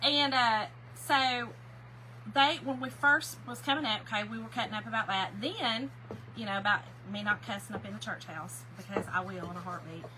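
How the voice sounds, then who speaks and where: A woman's voice: a little high, fairly even intonation, normal speed, background noise. A middle-aged woman, telling a story to her viewers while she paints, laughing often and calling them "y'all". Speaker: craft livestream host.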